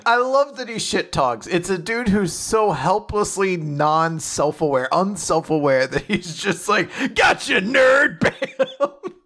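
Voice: medium pitch, expressive, a little slow, few pauses, a bit bright. An enthusiastic podcast co-host reacts to a cartoon with frequent laughter and casual swearing. The voice sits in a middle register and moves around a lot. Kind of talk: casual chat.

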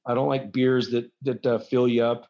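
A man with a mellow, mid-range voice speaks at a moderate pace with flat delivery. He is a wrestler being interviewed casually, meandering through stories that poke fun at himself, captured on a dull lo-fi recording.

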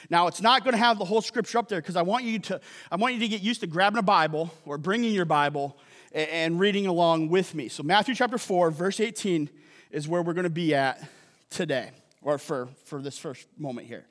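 A pastor with a high, slightly bright male voice preaches in a church auditorium, conversational and joking. He often checks in with the congregation by asking "right?", and the recording carries long hall reverb.

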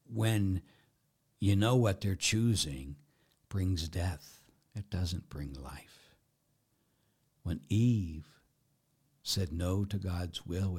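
Middle-aged male Catholic priest, lowish voice, emphatic preaching style with loud and soft swings. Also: slightly rough.

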